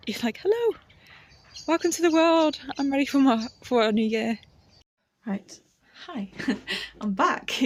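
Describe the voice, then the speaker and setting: Woman vlogging, chatty and laughy, a bit of fry in her voice. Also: medium pitch, a bit bright, a little hiss or hum. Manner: chatty, self-reassuring, laughs often. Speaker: artist vlogger. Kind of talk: casual vlog chat. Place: outdoors on a walk, then at home.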